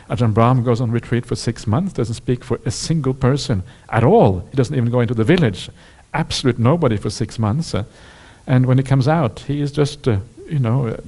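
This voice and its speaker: A man giving a dharma talk at a retreat, telling stories in a relaxed way with many pauses and soft laughs. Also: medium pitch. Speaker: Buddhist monk teacher. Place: retreat hall.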